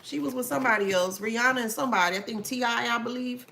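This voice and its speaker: A woman's voice: on the high side, quick pace, vocal fry, noisy background. A woman hosting a casual talk to camera, sassy, laughing often and swearing freely. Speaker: channel host.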